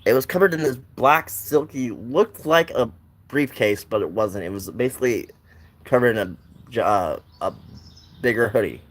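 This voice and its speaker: A young man speaks at normal speed in an animated, medium-pitched voice. He tells a personal story in a casual, rambling style, restarting often and adding asides.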